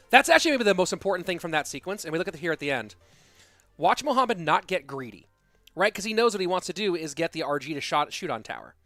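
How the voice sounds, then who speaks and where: A man casting a live esports match, with excitable play-by-play and rambling asides. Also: sits high, fast talker, dry recording, soft background music. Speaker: esports caster. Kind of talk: live game commentary.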